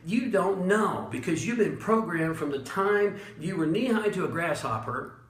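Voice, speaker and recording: A man's voice: high voice, roomy sound. Blunt, emphatic male motivational speaker. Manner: blunt, emphatic and animated, with chuckles and dramatic pauses. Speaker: motivational speaker and leadership coach. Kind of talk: motivational monologue.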